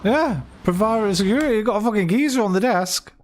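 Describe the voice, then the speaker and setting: A man's voice: high-pitched, lively intonation, brisk, a little hiss or hum. Man swearing over a watchalong. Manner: chatty, swearing, musing aloud. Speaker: streamer. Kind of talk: casual watchalong commentary.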